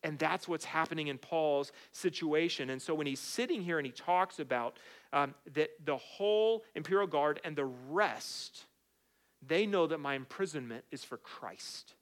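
A middle-aged man delivers a sermon in an easy, conversational way, slipping into personal anecdotes as he goes. His voice sits a touch higher than most men's. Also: moderate pace. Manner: conversational preaching with storytelling asides. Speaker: pastor.

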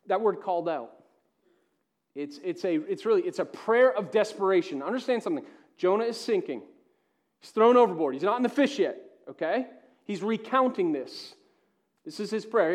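A man with a notably high-pitched voice preaches a sermon as a pastor. He presses hard on key points, then drops to a hushed, low-volume delivery. His style is impassioned and earnest from the pulpit. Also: expressive, normal speed. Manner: impassioned preaching, swinging between loud emphasis and hushed tones.

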